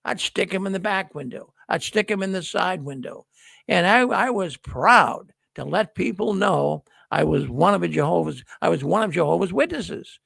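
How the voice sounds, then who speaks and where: A man's voice: sits high, expressive, moderate pace, creaky, a bit bright, dry recording. A middle-aged man hosting a news livestream, talking casually to viewers in a folksy storytelling way and acting out the dialogue he quotes.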